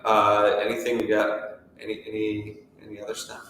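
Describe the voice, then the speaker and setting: Recorded far from the mic in an echoey room at a golf course, with slight background noise, a man co-hosts a casual golf chat show. He's a golf pro with a fairly low, fairly bright voice, and his delivery is completely flat at a moderate pace as he rambles and restarts often.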